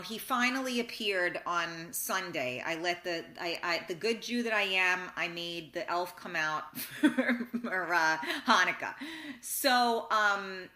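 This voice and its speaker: Bright, chatty woman in an echoey room. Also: on the low side. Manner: rambling, chatty, with frequent restarts and mild swearing. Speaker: talk show host. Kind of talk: casual storytelling monologue. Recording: roomy echo.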